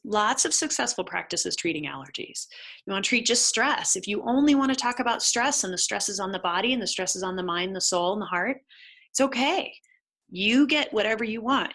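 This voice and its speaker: A woman's voice: medium pitch, fairly bright tone. A middle-aged woman teaching a business webinar for chiropractors, firing off rhetorical questions at the listener. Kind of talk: webinar lesson.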